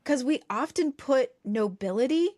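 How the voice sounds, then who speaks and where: A woman's voice: sits high, animated, moderate pace, a little mellow, no room sound, studio quality. A woman co-hosting a podcast, musing thoughtfully in a casual chat and posing rhetorical questions. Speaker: podcast co-host.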